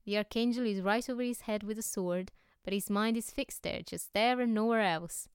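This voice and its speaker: A woman voicing a jovial, bawdy sea captain who talks loudly and heartily in a storybook reading. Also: mid-range voice, moderate pace, smooth, no echo, studio quality, natural voice. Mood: hearty. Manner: loud, hearty.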